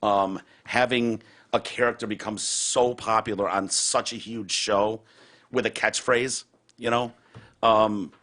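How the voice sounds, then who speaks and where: A man's voice: on the low side, fairly even intonation, unhurried, a bit bright. Blunt, profane podcast man. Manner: blunt, profane, thinks aloud. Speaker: podcast host. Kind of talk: casual podcast chat.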